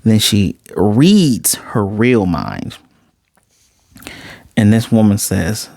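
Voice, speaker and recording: A man's voice: on the low side, extremely slow, creaky, long pauses, no echo, studio quality. A man casually recapping an anime episode in his own voice, retelling it with energy and briefly acting out the characters' lines as he goes. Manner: animated, acts out characters' lines while retelling. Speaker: anime reviewer.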